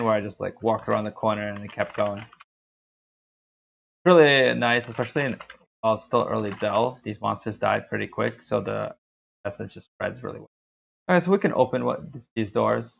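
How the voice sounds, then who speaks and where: A young man streaming a game, talking through his play in a laid-back, rambling way with a deep, dark voice. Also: creaky, slight background noise. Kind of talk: casual gameplay commentary. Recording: tinny lo-fi stream mic.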